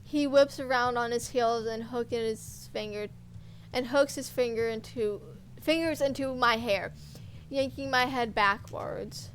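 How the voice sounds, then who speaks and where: A woman's voice: on the high side, measured pace, fairly bright tone, a little hiss or hum, rough recording. A woman streamer reading a horror visual novel aloud in first person, intense and dramatic, with offhand asides.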